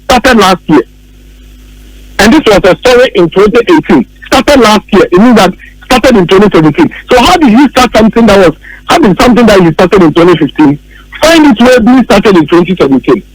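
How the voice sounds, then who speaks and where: Ghanaian male radio pundit, high voice, emphatic and argumentative, faint noise behind. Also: animated, brisk, low-quality recording. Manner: emphatic, argumentative, repeats points. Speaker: political commentator. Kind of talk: radio political talk.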